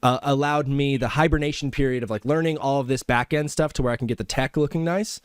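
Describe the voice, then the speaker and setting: A man's voice: mid-range voice, steady tone, fast talker, clean tone, no room sound, clean studio sound. A man hosting a casual podcast, chatty, with lots of fillers, often laughing with his guest. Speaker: podcast host.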